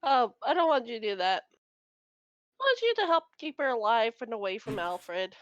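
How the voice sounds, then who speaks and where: High-voiced woman playing a tabletop game. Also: sing-song, muffled recording. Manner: halting, searching for words. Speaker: player.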